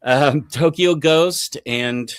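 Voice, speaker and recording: A man's voice: fairly high pitch, drawn-out words, clear, resonant tone, dry recording. A man hosting a casual live-stream chat, rambling and hesitant with lots of fillers. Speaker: podcast host.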